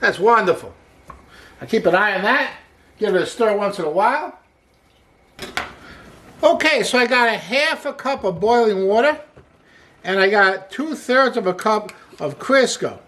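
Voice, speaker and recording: Chatty cooking host, mid-pitched voice, upbeat, keeps saying hey and wonderful, cracks little jokes. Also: expressive, a little slow, pauses often, a bit bright. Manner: upbeat, often opens lines with "hey"; jokes and laughs at own asides. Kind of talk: casual cooking demonstration.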